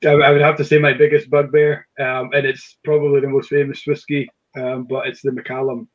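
A man's voice: mid-range voice, little pitch movement, a little fast, highs cut off. A man hosting a casual whisky chat, talking with frequent "um"s and restarts. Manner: hesitant, many fillers and restarts. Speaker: whisky shop host.

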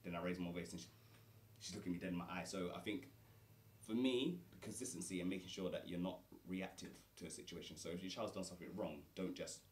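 Deep-voiced parent, roomy and distant. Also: male voice, fast, a little mellow. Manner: firm, matter-of-fact, emphatic. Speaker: podcast guest, parent. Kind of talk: casual group chat. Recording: roomy, distant mic, faint background hum.

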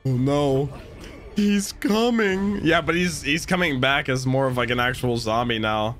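A young man hosting an anime reaction video, chatting casually with excited outbursts and slangy banter. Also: medium pitch, a little slow, faint music behind.

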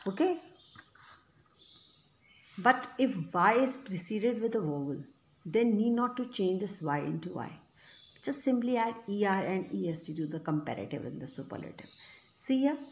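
In an echoey room, a woman with a mid-range voice teaches an English grammar lesson. She explains the rules patiently and repetitively, often checking in with "right?" and "okay?".

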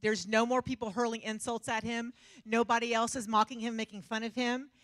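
Bright-voiced woman preaching. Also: a little high, a little fast, dry recording. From Texas. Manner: animated, self-mocking storytelling with frequent laughter. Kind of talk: humorous sermon.

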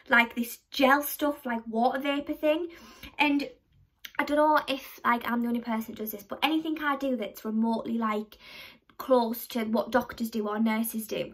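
A woman's voice: high voice, sharp tone. A young woman vlogging to camera in a chatty, rambling way, poking fun at herself as she tells stories. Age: young adult. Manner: chatty, rambling, self-mocking storyteller. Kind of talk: casual chat to camera.

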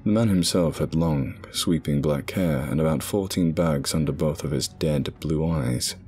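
A man narrating a scripted horror story in a measured, dramatic way. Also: extremely low pitch, warm tone. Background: background music.

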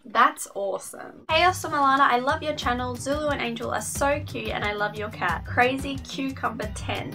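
A young woman casually reading fan letters aloud on her vlog, with lively asides. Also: high-pitched. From Australia. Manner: bubbly, reads letters aloud with quick asides. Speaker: YouTuber reading fan mail. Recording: music playing under the voice.

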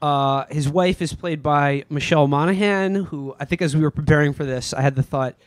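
A man with a somewhat high voice riffs casually on a podcast. His talk rambles, full of fillers and half-finished thoughts. The sound is dry and close, with no room around it. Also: brisk, no echo. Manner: rambling storytelling with frequent fillers and mock voices. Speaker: podcast co-host. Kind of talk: casual comedic movie review chat.

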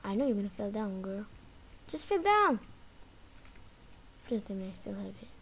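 A woman giving lively commentary while playing a video game, taunting the chaser and yelping when it gets close. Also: mid-range voice, normal speed, breathy edge. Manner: animated, talks trash to the game's chaser, sudden yelps and shrieks. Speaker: gaming video creator. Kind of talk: live gameplay commentary.

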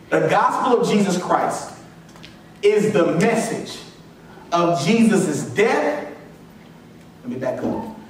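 Male pastor, preaching, call-and-response, repeats key lines, very high voice, heavy church echo. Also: distant mic, slight background noise. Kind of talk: sermon. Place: church sanctuary.

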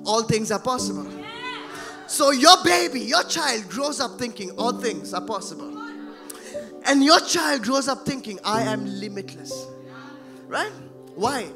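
A male pastor preaching a sermon in church, swinging between shouting and hushed tones. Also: high-pitched.

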